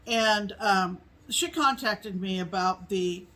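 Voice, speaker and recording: Slow-talking rambling woman, full of ums. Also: mid-range voice, sharp tone, rough recording. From New England. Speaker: co-host. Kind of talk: casual chat.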